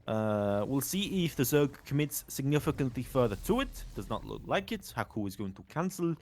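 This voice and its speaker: A man's voice: medium pitch, very animated, normal speed, darkish tone. A British man casting a strategy game with casual, joking banter. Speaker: esports caster.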